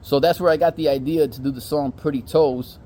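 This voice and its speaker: A young man with a fairly high, mellow voice tells a slangy, profane story in a casual way. He acts out every quote in exaggerated voices. Faint noise sits under the recording. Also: fairly even intonation, a little fast.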